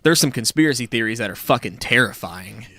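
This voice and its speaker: A man's voice: mid-range voice, lively intonation, a little fast, bright, forceful tone, no echo, clean studio sound. A young man with an Ohio accent co-hosting a podcast, easygoing and agreeable, laughing often. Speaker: podcast co-host. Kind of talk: casual chat.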